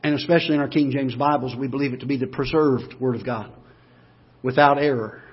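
A pastor preaching a sermon, moving from quiet, low talk up to loud, emphatic, repeated declarations. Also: male voice, fairly even intonation, a little fast, breathy edge, highs cut off.

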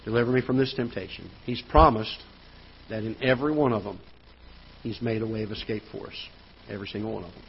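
A male pastor delivering a sermon in a church auditorium, earnest, pressing points, then dropping quiet. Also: on the low side, a little fast, pauses often, lo-fi sound, slight background noise. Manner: earnest preaching with rising emphasis and quiet drops.

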